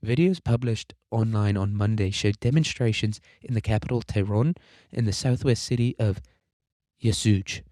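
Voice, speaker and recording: A man's voice: on the low side, moderate pace, dark tone, no room sound, studio quality, natural voice. A man reading a news article in an attempted British accent, playing a young female news reporter, though the impression is amateur and unconvincing. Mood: newsreader.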